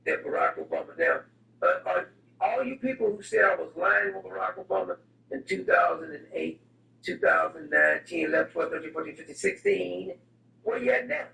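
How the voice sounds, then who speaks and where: A man's voice: a little high, sing-song, normal speed, gravelly, bright, forceful tone. A man delivering a comedic, rambling rant in a digressive, mock-serious way. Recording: roomy echo, distant mic, music behind.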